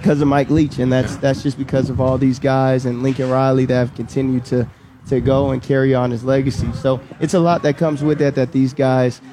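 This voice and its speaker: A man's voice: mid-range voice, a little fast, background noise. A man, a guest on a live radio pregame show, talking casually and often repeating himself. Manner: relaxed, repeats words, trails off. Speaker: guest, former player and high school coach. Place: outdoors on a restaurant patio.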